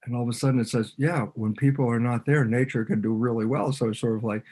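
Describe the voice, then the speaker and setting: A man's voice: medium pitch, fairly even intonation, fast talker, few pauses, a little mellow, husky. A man, a biologist guest on a podcast, explaining ideas in conversation and animatedly acting out both sides of imagined dialogues.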